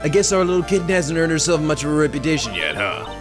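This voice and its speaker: A man voicing a cool, smug veteran defense attorney in a low, slow, suave and teasing voice, dubbing a video game. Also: big pitch swings. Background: game music.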